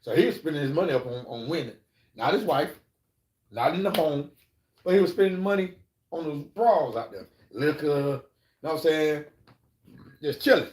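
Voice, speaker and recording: A man's voice: on the high side, expressive, normal speed, long pauses, darkish tone. A man live-streaming, telling stories in a rambling, profane way and checking in with listeners, in an echoey room. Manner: rambling, profane, keeps asking "you know what I'm saying". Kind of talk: casual storytelling.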